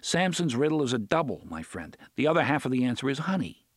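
A man's voice: mid-range voice, big pitch swings, fast talker, no room sound, clean studio sound, pitched above the performer's own voice. A man voicing a genial older man who loves riddles and old songs, teasing and playful in a full melodious voice.

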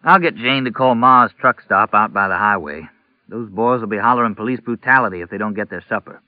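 Man as small-town sheriff, middle-aged, folksy and tired, low voice, tinny sound. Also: animated, brisk, no echo, lightly acted. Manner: folksy, drawling, a bit weary. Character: middle-aged rural sheriff, heavy and ill. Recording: tinny narrow-band audio.

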